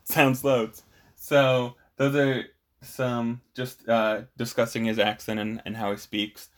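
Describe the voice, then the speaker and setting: A man co-hosting a podcast with a voice of ordinary middle pitch. He talks in a rambling, hesitant way, trailing off and circling back through his thoughts. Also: steady tone, unhurried. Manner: rambling, hesitant, with many restarts and fillers. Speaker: podcast co-host. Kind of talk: casual chat.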